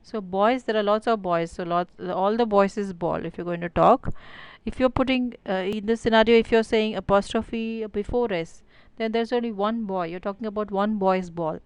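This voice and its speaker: Smooth-voiced woman teaching grammar. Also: mid-range voice, moderate pace, no echo. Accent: Indian English. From India. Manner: explains step by step with many "so" and "uh" fillers. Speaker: English teacher. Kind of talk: recorded online grammar lesson.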